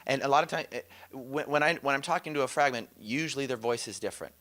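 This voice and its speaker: A man leading a teaching session, his voice bright and forceful. He tells anecdotes eagerly and laughs often. His delivery is loose and conversational. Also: medium pitch, fast talker. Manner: enthusiastic storytelling, laughs often.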